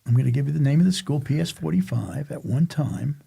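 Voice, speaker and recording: A man's voice: on the high side, lively intonation, fairly quick, gravelly, dark tone, slightly rough. An older man from Staten Island, New York, telling a rambling story about his childhood in casual chat, often stopping and restarting. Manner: rambling, self-interrupting storyteller. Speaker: podcast guest telling a life story.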